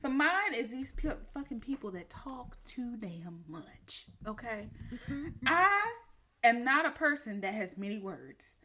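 A woman's voice: fairly high pitch, expressive, unhurried, pushed and bright. A woman on a podcast, ranting comically and with emphasis, swearing and laughing as she goes. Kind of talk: comedic rant.

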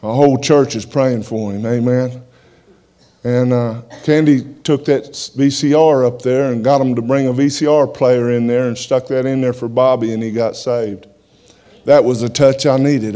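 A man gives his testimony to a congregation in a plain, folksy way. His voice is dark and mellow, and he sits at a middle pitch for a man. He often restarts and repeats words as he goes. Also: steady tone, normal speed. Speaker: preacher giving his testimony.

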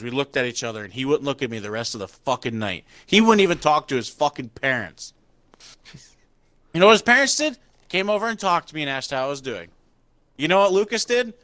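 A man's voice: medium pitch, no room sound. A young man casually chatting, telling stories animatedly and swearing a lot. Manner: profane storytelling, laughing and animated. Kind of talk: casual chat.

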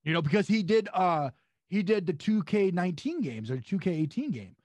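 A young man with a husky, slightly higher voice tells a story with animated energy. He slips into voices for the people he quotes. The sound is dry and close. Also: fairly quick, no room sound. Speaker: pro wrestler guest. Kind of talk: storytelling anecdote.

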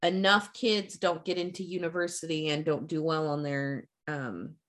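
A co-host in casual chat, quietly filling in plot details. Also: medium pitch, fairly even intonation, normal speed.

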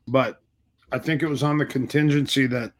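A middle-aged man speaks as a guest, casually retelling old stories. He slips into the voices of the people he quotes, and his voice sits at an ordinary middle pitch. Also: moderate pace. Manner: animated storyteller acting out quoted dialogue. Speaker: martial arts instructor, guest. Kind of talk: casual storytelling interview.

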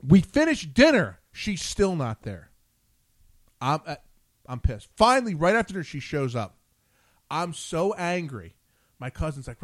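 A man's voice: a little high, sing-song, normal speed, no room sound. A man hosting a chat show, telling a long story with lots of swearing and acted-out quotes. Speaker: show host. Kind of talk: casual chat.

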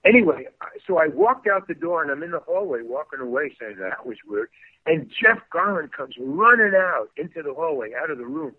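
Older male guest actor, rambling storyteller who acts out his scenes; husky voice, tinny dry line. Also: fairly high pitch, a little fast, no echo. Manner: rambling, animated, acts out the people in his stories. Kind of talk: storytelling in a podcast interview.

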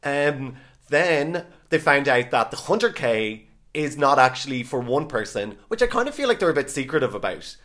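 A man's voice: mid-range voice, sing-song, fairly bright tone. A man co-hosting a podcast, chatting casually and gossiping about a reality show. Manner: chatty, gossipy, quick asides. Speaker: podcast co-host. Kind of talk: casual chat.

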